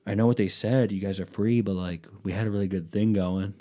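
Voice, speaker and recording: A whiny, apologetic plantation owner, put on by a podcast comedian in a lowish male voice. He wheedles and pleads nervously. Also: fairly even intonation, a little fast, warm tone, natural voice. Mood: pleading.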